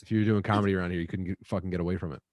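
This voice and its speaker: A man's voice: low-pitched, steady tone, very fast, darkish tone, no echo. A man from Kensington, Philadelphia, chatting casually on a podcast with dry wit and casual swearing. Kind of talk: casual chat.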